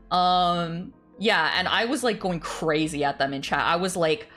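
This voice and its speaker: A woman's voice: fairly low pitch, a little slow, few pauses, a bit bright, faint music behind. A woman streamer chatting casually, ranting animatedly, laughing often and swearing freely.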